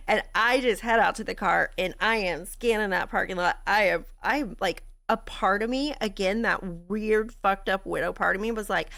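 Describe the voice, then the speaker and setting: A woman with a Texan accent, a grief coach and podcast host telling a story in a blunt, profane, animated way. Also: mid-range voice, moderate pace, vocal fry, hardly any pauses. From Texas. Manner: animated, blunt and profane, laughs between lines. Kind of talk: candid storytelling monologue.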